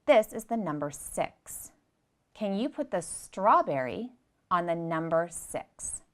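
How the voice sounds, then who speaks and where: A young woman teaching preschoolers, gentle and patient, speaking slowly and clearly and repeating her directions. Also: fairly low pitch, sing-song. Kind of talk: slow, clear lesson for young children.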